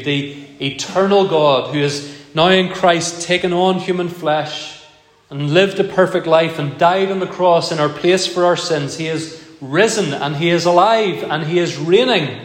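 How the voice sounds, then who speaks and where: Man preaching in an echoey hall. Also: on the high side. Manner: measured, emphatic preaching with repeated phrases. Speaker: pastor. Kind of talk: sermon. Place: church. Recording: echoey church hall, long reverb.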